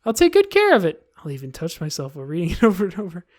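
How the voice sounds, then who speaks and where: A woman's voice: on the low side, wildly swooping pitch, rapid-fire, darkish tone. Woman putting on obsessive shy teen Yuri. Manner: breathless, unsettling adoration.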